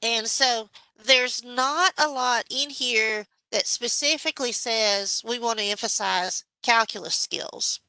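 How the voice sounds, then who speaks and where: A woman giving a measured, explanatory presentation to a state education board as a committee member. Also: a little high, bright, forceful tone, smooth, no room sound, poor audio. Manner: explanatory, measured, with some restarts. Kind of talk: formal presentation.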